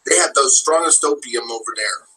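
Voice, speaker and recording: A man's voice: medium pitch, normal speed, bright, forceful tone, breathy edge, low-quality recording. A man in a rambling, profane rant, piling up angry claims and swear words.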